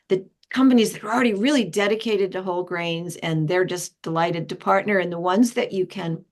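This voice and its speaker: An older retired woman being interviewed, telling stories in a lively way and acting out the voices of people she quotes. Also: normal speed. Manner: lively storytelling, acts out quoted voices with pitch jumps. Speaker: interview guest, retired founding director. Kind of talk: conversational interview.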